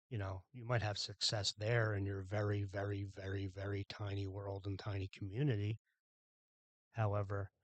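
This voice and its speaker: A man's voice: fairly low pitch, dry recording. A man from Philadelphia hosting a solo podcast, ranting bluntly with exasperation and plenty of profanity. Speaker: podcast host.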